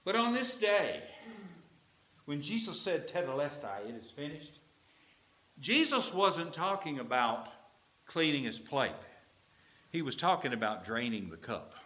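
A middle-aged male pastor preaching a sermon, swinging from loud drawn-out proclamations to low, chatty storytelling. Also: lively intonation.

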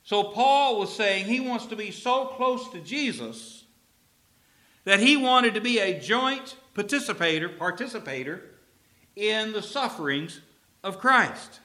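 A man from Texas, a preacher delivering an emphatic sermon and slowing down to stress key phrases. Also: high voice, lively intonation, bright, forceful tone.

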